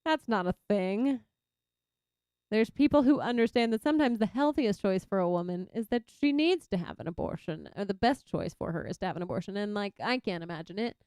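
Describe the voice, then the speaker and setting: A young Texan woman streaming a game and chatting casually, reacting loudly to her viewers. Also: medium pitch, expressive, fairly quick, clear, resonant tone, no room sound, clean studio sound. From Texas. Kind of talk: casual chat while gaming.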